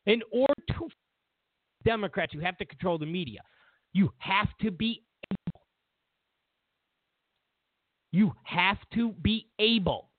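Animated ranting man on a tinny line. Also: high-pitched, moderate pace, dry recording. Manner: animated, incredulous, repeats himself. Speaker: host. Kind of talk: political commentary rant. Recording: tinny phone-like dry sound.

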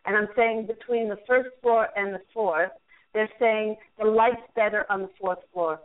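A woman hosting a call-in radio show, passing on angel messages and card readings with gentle, repetitive reassurance. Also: medium pitch, fairly even intonation, moderate pace. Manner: repeats messages she says she hears, gentle reassuring advice. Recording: lo-fi phone-line audio.

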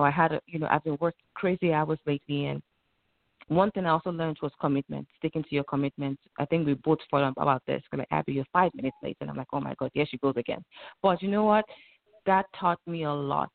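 Guest woman, gravelly, reflective, heard over a thin phone-like line, dry. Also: low voice, no room sound. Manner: reflective, quotes her own inner talk. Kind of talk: conversational interview.

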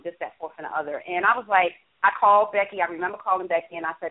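Woman recounting a story over a phone line. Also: on the low side. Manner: halting, repeats words, quotes herself and others. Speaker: guest. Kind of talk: personal storytelling in a talk interview.

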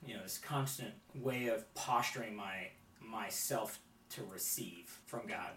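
A man's voice: fairly low pitch, measured pace, pushed and bright. A man, a guest on a faith podcast, talking reflectively and often checking in with "right?" as he goes. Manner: reflective, with frequent restarts and "right?" tags. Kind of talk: conversational faith podcast chat. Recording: roomy, distant mic, faint noise.

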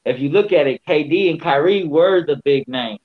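A man's voice: fairly high pitch, normal speed, phone-quality sound. A man co-hosting a casual basketball podcast, giving blunt, slangy opinions. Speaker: podcast co-host.

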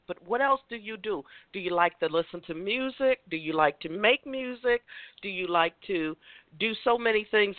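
A woman's voice: mid-range voice, no echo. Woman host, upbeat motivational talker who stumbles and repeats, thin phone-line sound. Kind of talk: casual chat. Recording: dry tinny phone line.

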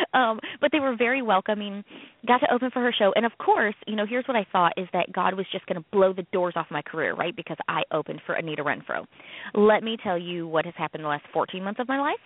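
A woman co-hosting a casual radio chat, telling a story in an animated way and acting out quoted voices. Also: mid-range voice, quick pace, no room sound. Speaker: co-host, comedian. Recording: tinny phone-like radio sound.

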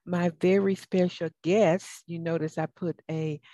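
Middle-aged Southern US woman, talk radio host, unhurried and folksy, mellow lowish voice, dry close sound. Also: fairly even intonation, no echo. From Atlanta, US. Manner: folksy and encouraging, drawls some words out. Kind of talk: upbeat talk radio hosting.

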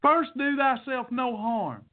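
A high-voiced man delivers a blunt, folksy pep talk with the cadence of a sermon, hammering each point twice. His voice comes through thin and tinny, like a phone line, and he pushes hard at his audience. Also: expressive, slow pace. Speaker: podcast host. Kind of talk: preachy motivational monologue.

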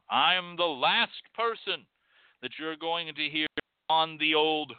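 Cursing guy on a rant, pitch all over the place, sounds like a phone line. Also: animated, takes it slowly, clean tone, no room sound. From Texas. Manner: blunt, profane, ranting. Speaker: podcast host. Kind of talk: impassioned monologue. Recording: dry, tinny phone-like sound.

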